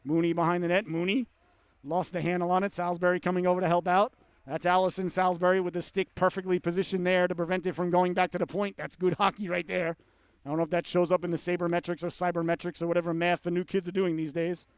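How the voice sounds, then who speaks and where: A man calling a youth hockey game play by play, folksy and joking with the listeners, bursting into excited shouts on big chances. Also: high voice, quick pace, clear, resonant tone, no echo. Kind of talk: sports commentary.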